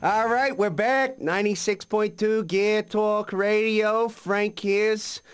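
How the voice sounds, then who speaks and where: An easygoing talk radio host on a video game's comedy station. His voice is slightly high, and he speaks in calm, soothing patter as he leads into and out of breaks. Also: slow pace, clear, resonant tone.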